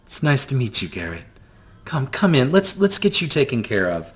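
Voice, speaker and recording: A man voicing a cheerful, grandmotherly old woman healer who speaks softly. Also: medium pitch, big pitch swings, normal speed, lightly acted. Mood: welcoming. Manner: warm, soft-spoken.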